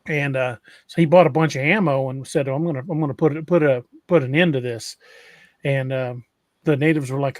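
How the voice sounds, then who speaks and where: A podcast host tells stories in a loose, rambling style, restarting often. His mid-range voice is fairly quick, darkish, and fairly even in intonation, and the studio-quality recording has no room sound.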